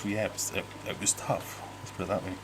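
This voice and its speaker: A man's voice: low voice, fairly even intonation, fast talker, background noise. Rambling, jokey British man hosting a livestream. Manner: rambling, jokey, self-interrupting. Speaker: livestream host. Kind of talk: casual live-stream chat reading viewer comments. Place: home fish room.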